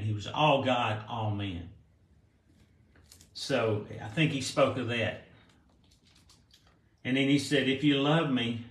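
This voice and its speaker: A man delivers a conversational sermon, reading scripture aloud and then explaining it in his own words. He talks with restarts and soft chuckles. His voice sits at a middle pitch, and the room around him has a noticeable echo. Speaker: pastor. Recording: roomy echo.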